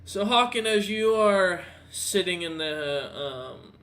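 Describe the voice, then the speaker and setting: A man narrating a tabletop game as dungeon master, pausing often and filling gaps with fillers. His voice has a bright, sharp edge. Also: high voice, lively intonation. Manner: halting, full of fillers.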